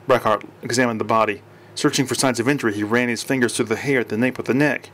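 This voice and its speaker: Man, mid pitch, audiobook narration, steady reading, occasional slips. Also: quick pace.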